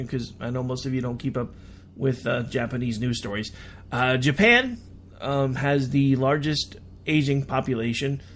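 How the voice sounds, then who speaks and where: An American man hosts a radio podcast at a mid-range pitch. He reads news items, then breaks off into joking, self-deprecating remarks that are full of stumbles and restarts. A faint noise sits under his voice. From United States. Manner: reads news then adds chatty sarcastic asides. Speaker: radio show host. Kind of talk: casual news commentary.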